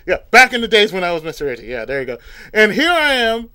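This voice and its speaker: A young man co-hosting a casual podcast chat, telling rambling, animated anecdotes and acting out the voices of the people in them. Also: high-pitched, fast talker, smooth. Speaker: podcast co-host.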